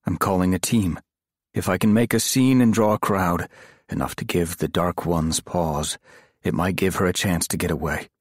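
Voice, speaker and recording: A man's voice: low voice, normal speed, slightly rough, no room sound, studio quality. A man reading aloud, voicing a former priest who acts as a tense, protective mentor, firm and commanding. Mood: urgent.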